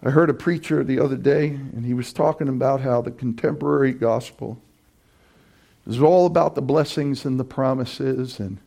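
A pastor preaches a sermon in a medium-pitched voice with vocal fry, speaking at normal speed. Impassioned and emphatic, he builds up to loud, repeated cries.

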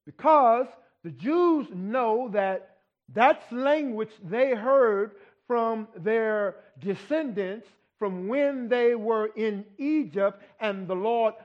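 A man with a high voice delivers a sermon at a slow, unhurried pace. He teaches in an easy conversational way and keeps asking his listeners "right?". The recording sounds dull and lo-fi. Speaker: pastor.

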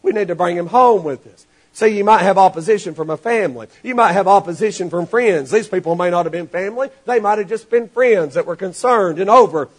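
A man preaching a sermon to his congregation, animated and rising to shouts, acting out the people in his stories. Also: high voice, fairly quick. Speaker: pastor.

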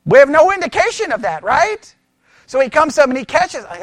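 A man teaching scripture in a conversational sermon, animated and full of rhetorical questions. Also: extremely high pitch, a little fast, no room sound, studio quality. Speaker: pastor teaching.

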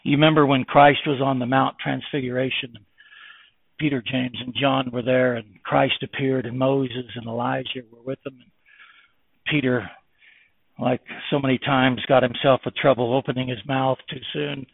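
A man preaching a sermon with impassioned delivery that swings between loud emphasis and hushed tones. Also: medium pitch, flat delivery, normal speed, creaky, husky, no room sound. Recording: tinny phone-like, dry.

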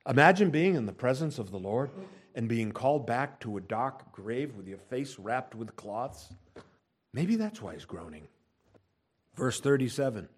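A middle-aged man preaching a sermon, swinging from hushed asides to loud emphatic lines. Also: mid-range voice. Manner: dynamic preaching with wide swings in volume, from near-whispers to loud emphasis.

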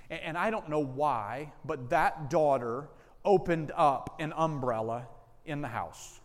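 A male pastor preaching a sermon. He tells a personal story earnestly and repeats key lines for emphasis. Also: a little high. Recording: long reverb of a large hall.

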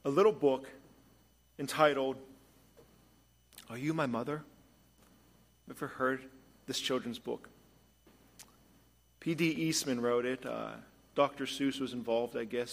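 A man preaching a sermon as pastor, moving between hushed storytelling and emphatic points. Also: medium pitch.

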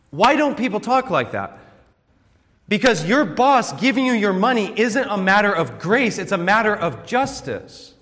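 A man's voice: high voice, sing-song, measured pace, a bit bright. A man preaching an expository sermon in an earnest teaching tone, often checking in with rhetorical questions. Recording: long hall reverb.

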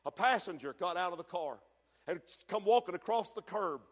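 Male preacher with a very high voice, shifting from hushed storytelling to shouts, long church reverb. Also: animated, a little fast. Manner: storytelling preacher, swings from quiet asides to shouted emphasis. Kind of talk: sermon.

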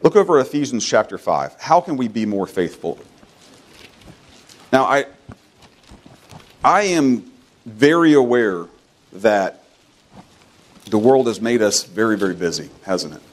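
A man's voice: lively intonation, measured pace, long pauses. Emphatic male preacher. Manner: emphatic, swinging between loud high exhortation and low quiet asides; repeats phrases for emphasis. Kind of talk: sermon.

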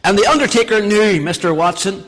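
High-voiced preacher in a reverberant hall. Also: male voice, a little fast, fairly bright tone. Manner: reads scripture then explains it with emphatic repetition. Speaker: pastor. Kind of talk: sermon with scripture reading.

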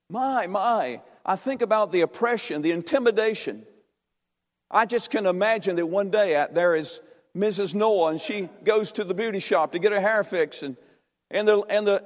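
A man's voice: high voice, animated, moderate pace, long reverb tail. A man from North Carolina, preaching a fervent sermon with emphatic repetition. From North Carolina, USA.

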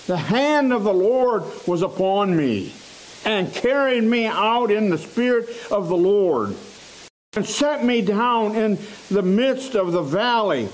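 A man preaching a sermon in a church, slow and emphatic, repeating phrases for stress. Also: high voice, a little hiss or hum, poor audio.

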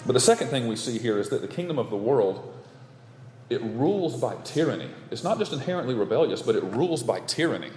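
A man preaching a sermon from the pulpit, stressing his points through steady repetition. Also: mid-range voice, a little fast, a little hiss or hum. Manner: emphatic, repetitive preaching cadence. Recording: echoey hall with long reverb.

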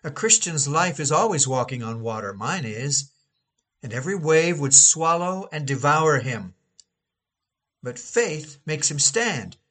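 A man's voice: on the high side, expressive, a little slow, fairly bright tone. Emphatic male preacher reading a sermon. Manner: dramatic, emphatic oratory with stretched key phrases.

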